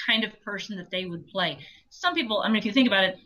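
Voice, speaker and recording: A woman audiobook narrator talking casually as an interview guest, telling animated stories with laughs. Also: mid-range voice, fast, low-quality recording. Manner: chatty, animated storytelling with laughs.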